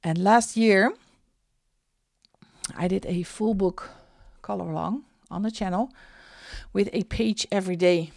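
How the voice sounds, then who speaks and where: A middle-aged woman hosting a coloring channel, chatting casually as she shows her books, with soft asides now and then. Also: medium pitch, gravelly, no room sound, clean studio sound. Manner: chatty, slow and unhurried, drops into soft asides. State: out of breath. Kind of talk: casual show-and-tell vlog.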